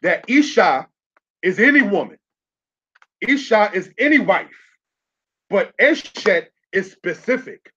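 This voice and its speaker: Man, congregation teacher, sermon with slides, fairly high voice, repeats points and checks in with listeners, dull lo-fi recording. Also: big pitch swings, slow, pauses often, pushed and bright, husky. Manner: repeats key phrases, checks in with the audience. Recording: dull lo-fi sound.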